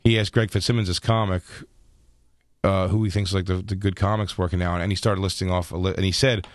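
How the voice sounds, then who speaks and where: Fast-talking male comedian, dry studio sound. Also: sits low, no echo. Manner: rapid storytelling with lively acted quotes. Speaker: stand-up comedian guest. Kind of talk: casual radio interview chat. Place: radio studio.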